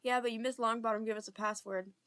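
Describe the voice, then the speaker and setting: An eager eleven-year-old schoolboy talks in a bright, upbeat way, as a young woman reading an amateur audiobook plays him. He is friendly and keen to help. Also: on the high side, fairly even intonation, fast, clear, resonant tone, close to an everyday voice. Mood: cheerful.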